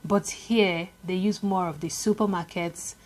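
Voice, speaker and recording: A woman's voice: lowish voice, steady tone, a little slow. A young woman with a Nigerian accent, chatting casually to camera in a vlog, with many fillers and repetitions. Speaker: vlogger.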